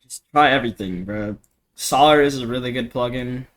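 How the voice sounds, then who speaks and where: A young man with a bright, slightly sharp voice talks through a home production tutorial. He rambles loosely, heavy on slang, fillers and swearing. He speaks into a cheap desk mic in a home studio. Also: medium pitch, moderate pace. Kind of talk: casual screen-recorded tutorial.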